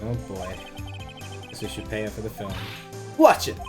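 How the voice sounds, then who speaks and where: A woman's voice: a bass voice, little pitch movement, a little fast. A woman streamer casually commenting on a game and reading its dialogue aloud, with giggly asides. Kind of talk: casual let's-play commentary. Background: game music.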